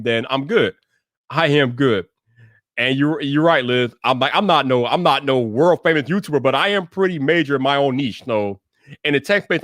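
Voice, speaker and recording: A man hosting a tech livestream in casual chat, slangy and emphatic, repeating himself and breaking into loud hype. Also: medium pitch, no echo, clean studio sound. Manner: bursts into loud hype shouting.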